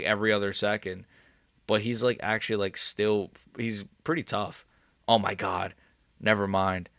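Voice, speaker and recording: Excitable young man streaming fight reactions. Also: fairly low pitch, clear, resonant tone, dry recording, clean studio sound. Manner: excitable, swings from mumbling to yelling, swears and laughs often. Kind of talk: live-stream reaction chat.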